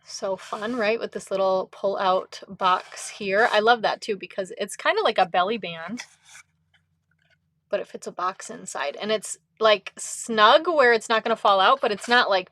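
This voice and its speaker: A woman's voice: mid-range voice, a little slow, fairly bright tone. A woman leading a live card-making class, chatty and upbeat, often breaking into giggles. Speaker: craft instructor.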